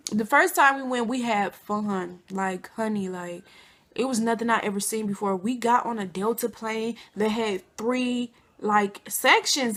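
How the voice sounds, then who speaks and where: Bright, chatty young woman vlogger. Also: fairly high pitch. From Flint, Michigan, USA. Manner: chatty, addresses viewers as y'all and girl, animated quotes. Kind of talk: casual storytime.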